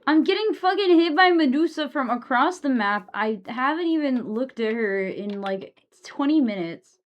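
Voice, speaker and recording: A woman's voice: high voice, animated, normal speed, highs cut off. A young woman streaming a game, tired and yawning, chatting loosely with viewers and swearing often. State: sleepy, yawning. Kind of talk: casual live-stream chat while gaming.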